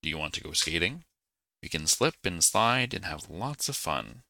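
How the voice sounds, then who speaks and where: A man voicing a cheerful, curious little boy snowflake in a storybook, eager and excitable. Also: low voice, moderate pace, gravelly, dry recording, heavily acted.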